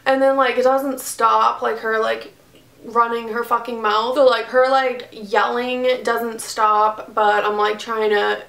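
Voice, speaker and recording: A young woman tells a storytime with exasperated, profane energy. Her voice sits a little high, and the room around her is echoey. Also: flat delivery, takes it slowly, gravelly, a bit bright. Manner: profane, exasperated retelling with acted quotes. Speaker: vlogger. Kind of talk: casual storytime.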